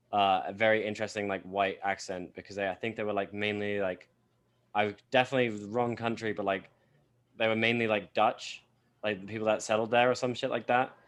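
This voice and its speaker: Man, podcast co-host, casual chat, rambling, lots of filler words, swearing. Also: lowish voice.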